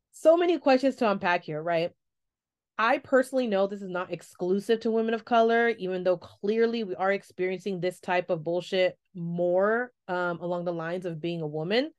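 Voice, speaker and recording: A woman's voice: medium pitch, normal speed. A young adult woman hosting a solo podcast, talking frankly and expressively, swearing freely and acting out what people said. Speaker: podcast host. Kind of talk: candid solo podcast monologue.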